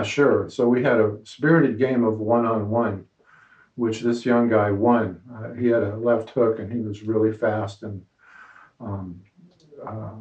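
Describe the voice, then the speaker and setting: An older man narrating a personal story as host, relaxed and conversational with the odd filler. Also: fairly low pitch. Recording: echoey, dull lo-fi sound.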